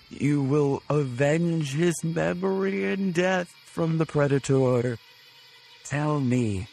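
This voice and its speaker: A man voicing a young wizard character in a tabletop game, speaking slowly and formally. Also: mid-range voice, a little mellow, voice pushed up. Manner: slow, formal, commanding. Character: solemn young male wizard speaking to animals.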